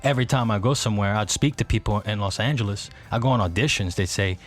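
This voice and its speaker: A man from Louisiana with a South Louisiana accent, co-hosting a podcast and telling stories quickly, with frequent laughter. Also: fairly low pitch, soft background music. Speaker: podcast co-host. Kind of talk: casual podcast chat.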